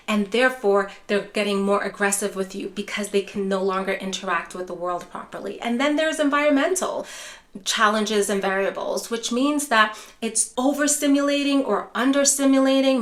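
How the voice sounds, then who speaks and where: Woman, caregiver educator, reassuring, direct teaching, softly models calm phrases, slightly high voice. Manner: warm, reassuring, addresses viewers as care partners; acts out gentle calming phrases in a soft voice. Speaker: dementia care educator.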